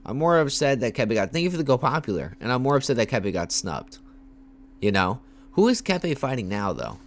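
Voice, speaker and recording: A young man livestreaming casual commentary, talking in hyped, repetitive bursts with slang and shout-outs to viewers. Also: mid-range voice, sing-song, brisk. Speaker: MMA livestreamer.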